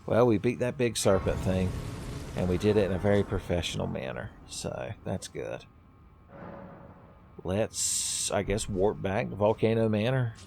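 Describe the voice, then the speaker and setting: Man, sarcastic let's-play host, a bit low, light music under him. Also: expressive, measured pace, creaky, darkish tone. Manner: wry, sarcastic and profane, often laughing. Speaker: gaming video host. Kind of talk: casual let's-play commentary.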